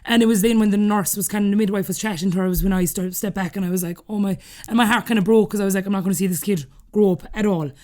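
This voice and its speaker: A woman's voice: medium pitch, fairly even intonation, very fast, hardly any pauses, mellow. An Irish woman in her thirties with a Cork accent, a podcast guest chatting through personal stories, laughing often as she talks. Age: 30s. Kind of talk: casual storytelling interview.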